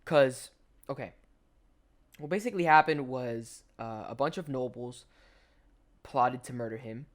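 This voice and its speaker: Young guy, casual storytelling commentary, slangy and rambling, mid-pitched voice. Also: a little slow. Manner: rambling, slangy, full of "like" and restarts. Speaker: gaming commentator. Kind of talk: casual storytelling over gameplay.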